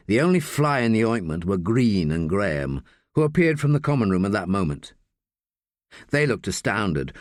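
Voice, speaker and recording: A man narrating an audiobook with an expressive, varied delivery on a close studio mic. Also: deep voice, moderate pace, dry recording.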